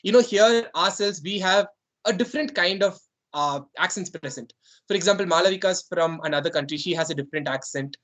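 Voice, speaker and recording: A man's voice: sits high, brisk, a bit bright. A man with an Indian English accent, the club president chairing an online meeting in a rambling, conversational way with many fillers.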